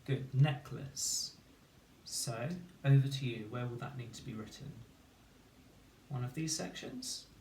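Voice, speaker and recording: A man leads a children's phonics lesson, sounding out each word sound by sound in a slow, deliberate way. He is heard from some distance, in a roomy space with a faint hum of ambience behind him. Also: medium pitch, a little mellow. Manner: slow, clear sounding-out of syllables. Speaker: teacher.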